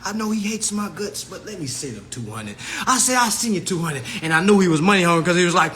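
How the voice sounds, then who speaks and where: A man hosting his own consumer advice channel, telling a story to his viewers in a loose, excitable rant that swings from shouting to muttering, with frequent laughs. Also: high-pitched, fast, hardly any pauses, a crowd in the background.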